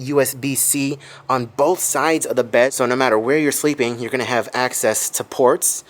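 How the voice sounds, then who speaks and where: A man vlogging a hotel tour, gushing and exclaiming as he shows the rooftop and then a room to viewers. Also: mid-range voice. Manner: excitable, gushing, addresses viewers as guys. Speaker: theme park vlogger.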